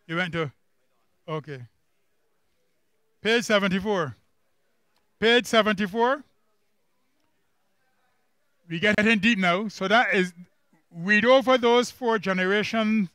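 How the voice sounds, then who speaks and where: Barbadian male Bible teacher, high crisp voice, drills the class with questions, dry close sound. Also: sharp tone, no echo. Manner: quizzes the class with quick questions and emphatic repeats. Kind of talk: church camp workbook lesson. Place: camp classroom.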